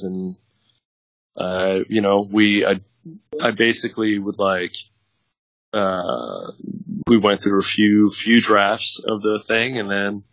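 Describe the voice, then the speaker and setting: An actor and producer in his thirties rambles through casual stories as a podcast guest, using many fillers and laughing often. His voice is on the low side and a bit bright. The audio has no room sound and is poor.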